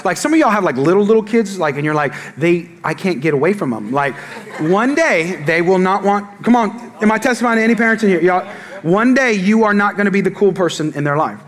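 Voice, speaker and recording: Preaching briskly in a high voice, this middle-aged pastor keeps his sermon animated with jokes, stories and call-outs to the congregation.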